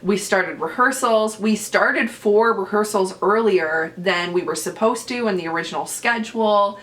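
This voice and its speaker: A Canadian woman hosts a solo podcast chat, talking in a loose, animated way with plenty of fillers. She pokes fun at herself as she rambles on at a mid-range pitch. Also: normal speed. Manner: chatty, animated, self-deprecating, many fillers. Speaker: podcast host and stage actress.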